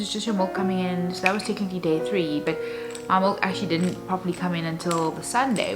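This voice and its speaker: A young mother talks openly to her camera in a casual vlog. Her voice sits a little low for a woman, and she rambles along with plenty of fillers. Music plays clearly underneath her. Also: rough recording. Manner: candid, rambling, many fillers. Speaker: vlogger, new mother.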